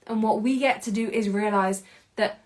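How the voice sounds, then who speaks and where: A woman in her thirties hosting a podcast, giving an emphatic, casual motivational monologue in quick bursts, with the odd mild curse. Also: medium pitch, steady tone. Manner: casual, with mild swearing and laughs. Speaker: podcast host and anxiety coach.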